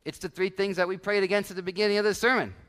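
This is a man delivering a sermon in a church hall that carries a long reverb. His voice sits high for a man. He preaches with animated energy, dropping into acted-out everyday voices to illustrate his points. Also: racing. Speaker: pastor.

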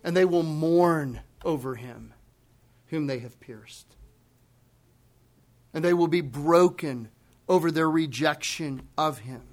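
A man preaching a sermon as a pastor, speaking with passion and swinging between loud emphatic declarations and hushed, grave asides. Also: a little high, takes it slowly, pauses often.

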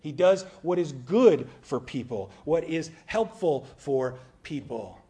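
A man preaching a sermon in a conversational way, sometimes dropping to a quiet, low voice for emphasis. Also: sing-song, slow pace. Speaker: pastor.

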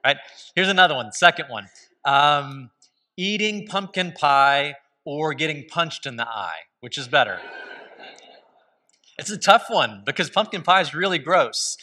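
A male pastor delivers a sermon in a bright, forceful voice that sits a little higher than most men's. He talks to his congregation in a loose, conversational way and slips humor into his storytelling. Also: animated, unhurried.

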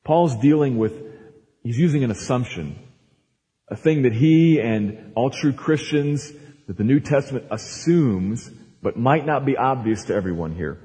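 A man's voice: mid-range voice, expressive, unhurried, mellow. A man preaching a Sunday sermon as pastor, emphatic and repeating words for stress as he explains scripture verse by verse. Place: church sanctuary. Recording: long hall reverb.

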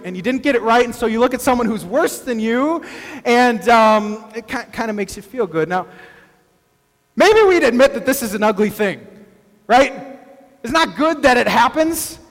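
A male pastor with a very high voice delivers a sermon to a congregation. He speaks conversationally, throwing in asides and quick acted-out quotes. The sound carries the long reverb of a large church hall. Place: church sanctuary.

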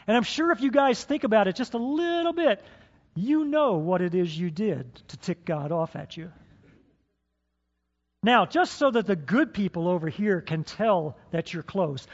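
A man with a high voice delivers a sermon, theatrical and teasing as he draws the congregation into a role-play. The sound is dull and lo-fi, and a long reverb trails his words around the church hall. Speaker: pastor.

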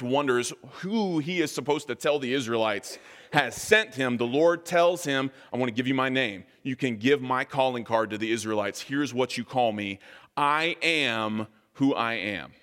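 Male preacher, mid-pitched, deliberate sermon delivery, long church-hall reverb. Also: fairly bright tone. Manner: measured, deliberate, slowing on key phrases. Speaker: pastor.

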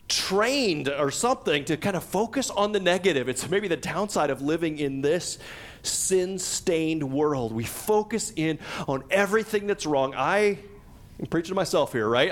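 A middle-aged man, a pastor, preaching a conversational sermon and acting out quotes with lively energy. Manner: conversational and animated, acts out quotes with a higher voice.

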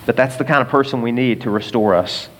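Emphatic preaching pastor in a reverberant hall. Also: male voice, mid-range voice, fast talker. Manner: emphatic preaching with rhetorical questions and swings in loudness. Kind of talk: sermon. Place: large auditorium.

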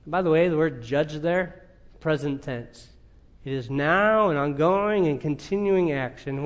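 A man preaching a sermon, with emphatic, deliberate phrasing and pointed rhetorical questions. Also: on the high side.

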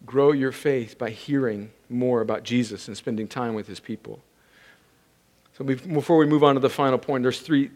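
Intense man preaching a sermon. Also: mid-range voice. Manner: intense, building to impassioned shouting. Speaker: pastor.

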